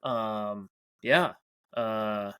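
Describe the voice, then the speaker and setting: A man's voice: lowish voice, fairly even intonation, extremely slow, bright, forceful tone, smooth. Upbeat young male podcast host. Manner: upbeat, uses um and uh. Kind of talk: casual podcast chat and ad read.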